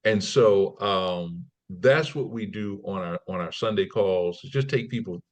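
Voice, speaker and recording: A low-voiced man at a measured pace, he's a trading company CEO giving a conversational podcast interview. Animated in his storytelling, he performs quotes loudly and frequently restarts or repeats words.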